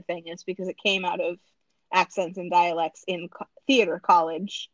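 A woman's voice: mid-range voice, normal speed, dry recording, lo-fi sound. Midwestern woman with a slight lisp. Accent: American Midwestern. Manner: animated storyteller, swears freely. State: slight lisp from a bitten tongue. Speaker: podcast co-host. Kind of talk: casual chat.

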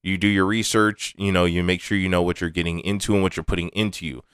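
A man's voice: deep voice, little pitch movement, fast, fairly bright tone, clear, resonant tone, dry recording, studio quality. A young adult man hosting a casual, rambling, candid monologue, with frequent restarts and swearing. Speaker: podcast host.

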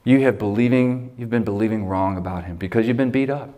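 Man, pastor, low voice, emphatic conversational preaching, church sermon. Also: brisk, mellow. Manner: emphatic, conversational, pitch rises when stirred. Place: church sanctuary.

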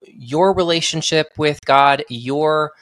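A man hosting a podcast interview in a playful, self-mocking way, jumping into high excited exclamations. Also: slow pace, dry recording. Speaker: podcast host.

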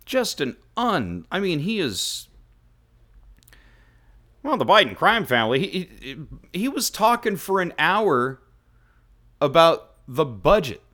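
Guy on talk radio ranting sarcastic, slow and drawn out, pitch swinging all over. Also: sing-song, fairly bright tone. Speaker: radio talk show host. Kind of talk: opinion radio monologue.

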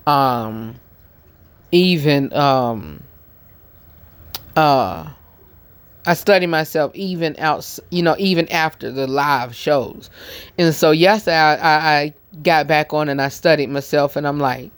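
Male talk host, unhurried, meandering live-stream chat with lots of fillers; smooth tone. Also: fairly high pitch, a bit bright, dry recording. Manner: slow, rambling, many ums and restarts; eating while talking. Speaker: show host. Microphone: phone.

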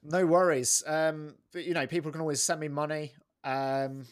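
A man's voice: on the high side, fairly even intonation, normal speed, no echo. Self-deprecating English man, dry sound. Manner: self-deprecating, rambling with filler words. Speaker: guest, comedian and sports commentator. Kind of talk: casual interview chat.

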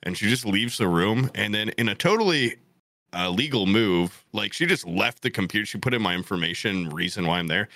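A young man telling a story in casual chat, animated and jokey, swearing often. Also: fairly low pitch, brisk, gravelly, no room sound, studio quality.

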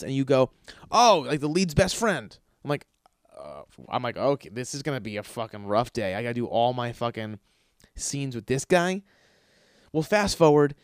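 A man's voice: mid-range voice, darkish tone, clean tone, no echo, clean studio sound. A man hosting a podcast, telling a long story casually with lots of swearing and fillers, acting out the lines of the people in it. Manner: profane, rambling, filler-heavy; acts out quoted dialogue. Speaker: podcast host.

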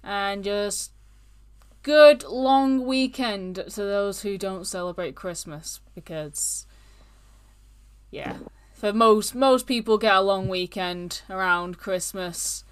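Chatty woman with a smooth voice. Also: mid-range voice, slow pace. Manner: chatty and rambling. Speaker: podcast co-host. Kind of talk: casual chat.

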